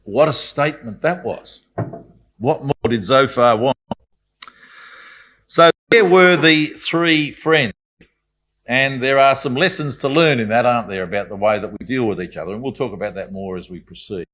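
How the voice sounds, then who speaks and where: A man's voice: medium pitch, moderate pace, fairly bright tone. A man giving a Bible study talk in a conversational, reflective way, with apologetic asides. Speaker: Bible speaker.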